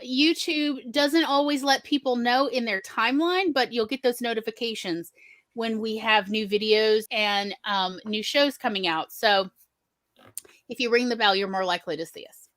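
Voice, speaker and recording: A woman's voice: a little high, measured pace, pauses often, fairly bright tone, dry recording. Chatty older woman host, dry sound. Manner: chatty, folksy, asks viewers to subscribe. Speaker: show host. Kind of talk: casual chat.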